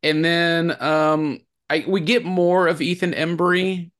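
A man's voice: fairly high pitch, flat delivery, slow, fairly bright tone. A man co-hosting a movie podcast, chatting casually and rambling with lots of fillers and restarts. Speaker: podcast co-host.

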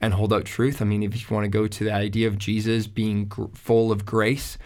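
A man who works as a pastor, talking thoughtfully in a relaxed faith discussion, often restarting his sentences. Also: lowish voice, brisk. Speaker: young adult pastor.

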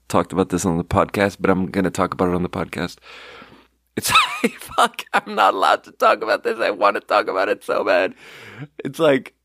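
Male podcast host, lowish voice, chatty storyteller who keeps interrupting himself, giggly and excitable. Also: no echo, clean studio sound. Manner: rambling, self-interrupting, many "like" fillers. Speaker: restaurant front-of-house worker. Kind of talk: casual chat, storytelling.

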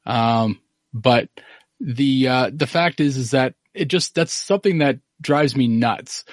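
A man's voice: medium pitch, slow, no echo, clean studio sound. A man hosting a podcast in casual chat, rambling and opinionated. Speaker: podcast host.

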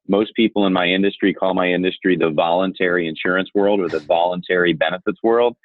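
A man's voice: low-pitched, quick pace, no echo. Man on a tinny phone-like line. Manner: animated storyteller, candid and self-assured. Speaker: podcast guest, insurance marketer. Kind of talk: storytelling conversation.

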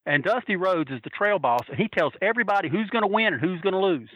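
A man telling a story in a casual, animated way, swearing freely and acting out the voices of the people he quotes. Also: high-pitched, very fast, few pauses, no room sound, highs cut off. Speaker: storyteller recalling wrestling fan days.

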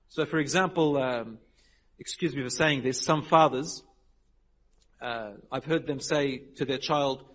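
A man preaching a sermon, telling stories with lively voiced dialogue and dropping Arabic religious phrases. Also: medium pitch, normal speed. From Lebanon. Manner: animated storytelling, acting out quoted people. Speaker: Islamic preacher.

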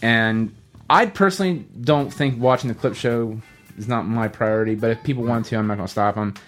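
A man chatting casually as a podcast host, his voice sitting at an everyday middle pitch. He rambles through his stories with a lot of energy and keeps restarting his sentences. Faint music plays underneath. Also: fairly quick. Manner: rambling, animated storytelling with many restarts.

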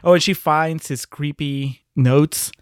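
A man's voice: fairly high pitch, fairly even intonation, slow, smooth, no room sound, studio quality. A man co-hosting a casual movie podcast, taking the film apart in a wry, analytical way and laughing often. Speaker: podcast co-host. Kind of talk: casual movie-discussion chat.

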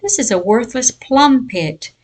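A woman's voice: fairly high pitch, animated, unhurried, darkish tone, pitched above the performer's own voice. A woman voicing a proud, stern king of an old folk tale, speaking in commanding proclamations.

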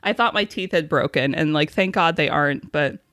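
A woman co-hosting a podcast, chatting casually as an animated storyteller who laughs often. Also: low voice, brisk, no room sound, studio quality. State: recovering from a face injury. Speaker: podcast co-host. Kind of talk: casual chat.

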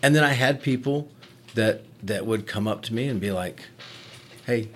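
A man's voice: on the low side, moderate pace. A man working as a paramedic, chatting candidly and self-deprecatingly on a podcast, with some swearing. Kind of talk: casual podcast chat.

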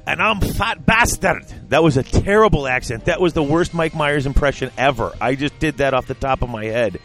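A man hosts a casual hobby podcast, his voice sitting at an everyday middle pitch. He jokes around and gets excitable, rushing out his thoughts in quick bursts. Soft music plays faintly underneath. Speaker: podcast host.

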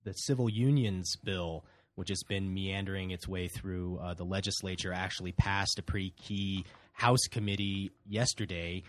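A man co-hosts a casual podcast in a fairly low voice. He rambles and hesitates with lots of fillers. The recording is dry and close. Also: fairly even intonation, normal speed, no room sound. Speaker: co-host. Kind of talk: casual chat.

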